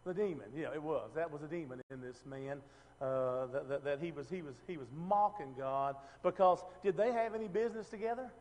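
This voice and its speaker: This is a man teaching scripture in a loose, chatty way, full of restarts and questions like "right?" thrown to the room. His voice sits high for a man. A long reverb trails behind him. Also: a little fast, a little mellow. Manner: conversational, asks the room questions, many restarts. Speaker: preacher. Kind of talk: casual Bible teaching.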